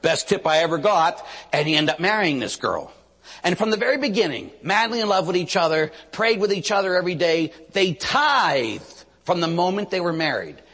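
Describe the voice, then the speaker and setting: A Catholic priest giving a sermon, telling stories with lively emphasis and sudden hushed moments. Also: male voice, high-pitched, normal speed, slightly rough. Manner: animated storytelling, swinging from loud emphasis to hushed. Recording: reverberant hall.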